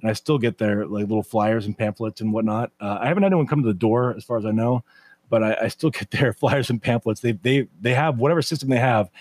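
A man's voice: on the low side, fast, a little mellow, no room sound. A man on a podcast chatting casually and teasing the other speaker with dry banter. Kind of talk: casual chat.

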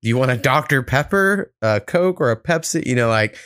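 A man's voice: mid-range voice, lively intonation, a little fast, a bit bright, clear, resonant tone, dry recording, clean studio sound. A man hosting a podcast in a loose, laid-back way, swearing often. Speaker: podcast host. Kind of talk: casual podcast chat.

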